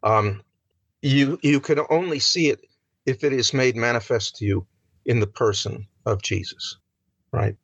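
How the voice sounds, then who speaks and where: A man's voice: mid-range voice, unhurried, creaky, fairly bright tone, slightly rough, no echo. An older man giving an informal scripture lecture, conversational, with many fillers and asides to his listeners, acting out quoted questions. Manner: acts out quoted questions in a raised voice.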